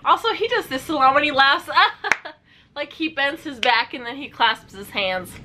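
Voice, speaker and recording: A young woman giving animated, sarcastic reaction commentary as a vlogger. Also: high-pitched, normal speed, background noise. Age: young adult.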